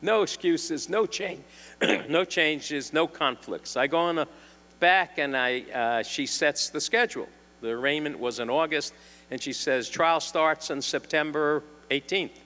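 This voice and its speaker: An older man with a New York accent, a defense attorney telling wry anecdotes to a symposium audience, clearing his throat now and then. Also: fairly high pitch, measured pace, bright, forceful tone. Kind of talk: storytelling talk. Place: lecture hall. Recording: long hall reverb.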